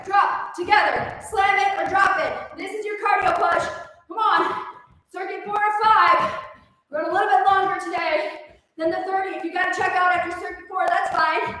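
A high-pitched woman with a Minnesotan accent coaches a workout, upbeat and encouraging, counting down each set while she exercises. Her voice sounds distant, with a strong echo around it. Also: sharp tone. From Minnesota, USA. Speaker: fitness instructor.

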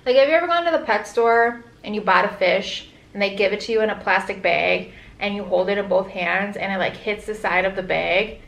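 A woman's voice: mid-range voice, brisk, gravelly, hardly any pauses, a bit bright. A young pregnant woman vlogging casually, rambling candidly with lots of "like". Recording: echoey room.

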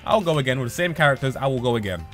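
Excitable, foul-mouthed young man with lively pitch. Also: rapid-fire, faint music behind. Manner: excitable, profane trash talk. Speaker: gaming channel host. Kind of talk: live gameplay commentary.

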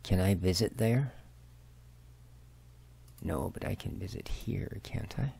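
Casting note: middle-aged Canadian man with a Canadian accent, a lower voice with a gravelly edge, unhurried let's-play chatter. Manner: slow, chatty and self-joking, drifting to soft mutters. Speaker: gaming video host. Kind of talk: casual let's-play commentary.

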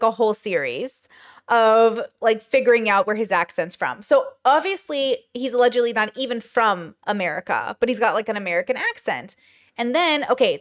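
A woman hosting casual commentary, talking in a chatty way with many fillers and rhetorical questions. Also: fairly high pitch. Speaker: commentary host.

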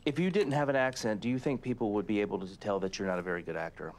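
A middle-aged man hosting a comedic interview, asking awkward questions in a deadpan, halting manner. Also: on the low side. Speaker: talk show host.

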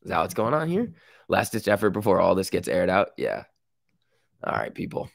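A man's voice: sits low, huge pitch swings, moderate pace, gravelly, dry recording, studio quality. A man with a sick voice hosting a live stock market stream, reading chat and reacting in casual slang. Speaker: stock market livestream host.

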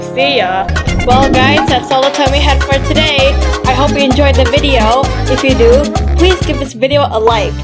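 Excitable woman narrating her gameplay. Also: high voice, moderate pace, over music. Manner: excitable, jokey, reads game text aloud. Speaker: gaming channel host. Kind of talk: casual gameplay commentary.

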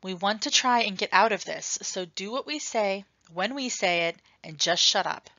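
A woman plays a calm older teenage boy with a gun who keeps his nerve and gives firm, flat orders. The voice is bright and forward, and the recording is dull and dry. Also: mid-range voice, normal speed, no room sound.

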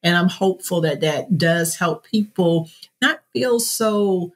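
Middle-aged woman guest, low voice, chatty storyteller with frequent laughs. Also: takes it slowly. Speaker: podcast guest. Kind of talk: conversational interview.

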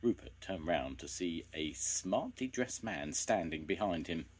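An older man reading a children's story aloud, gentle and expressive. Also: low voice, unhurried, slightly rough.

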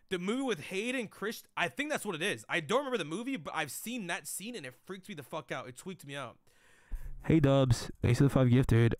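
A man's voice: sits high, no room sound, studio quality. A young man streaming, telling stories to his chat in a casual, profane, joking way. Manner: profane, joking, animated storytelling.

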